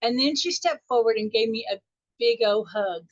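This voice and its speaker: Woman, middle-aged, higher voice, chatty storyteller, laughs often, dull dry call audio. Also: moderate pace, dry recording. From Texas. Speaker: spiritual teacher. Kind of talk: group call talk, storytelling.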